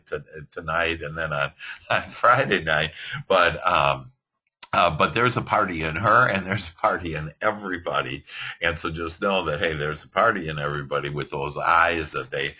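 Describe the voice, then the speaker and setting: A man teaching a motivational seminar to a class, rambling and animated, laughing often. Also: rumbling low, breathy edge. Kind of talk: motivational lecture.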